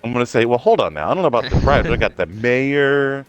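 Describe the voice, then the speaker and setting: A man's voice: medium pitch, animated, fast talker, no echo, dull audio, soft background music. A man playing a tabletop role-playing game, joking and slipping into goofy character asides. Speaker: player. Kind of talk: casual tabletop role-play.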